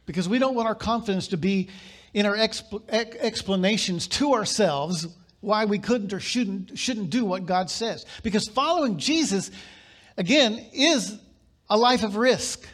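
A male pastor delivering a sermon, reading scripture aloud with dramatic pauses and sudden bursts of emphasis. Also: high-pitched, fairly bright tone.

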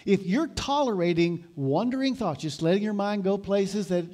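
A man preaching a sermon, moving between loud emphatic exhortation and calm explanatory teaching. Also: high-pitched, normal speed. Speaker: pastor.

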